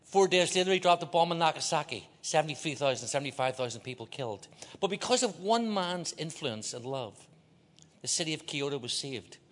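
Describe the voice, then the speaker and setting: A man preaching to a large church, his voice sitting a little high for a man as it rings out with a long hall reverb. He teases the crowd and has them call words back to him. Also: animated, brisk, a bit bright. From Ireland. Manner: joking, leads the crowd in call-and-response. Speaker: guest preacher. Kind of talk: sermon.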